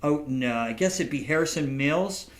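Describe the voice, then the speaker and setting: Man podcast host, casual chat, stumbles and repeats words, slightly high voice, roomy echo. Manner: halting, repeats words, laughs often. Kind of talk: casual interview chat and storytelling.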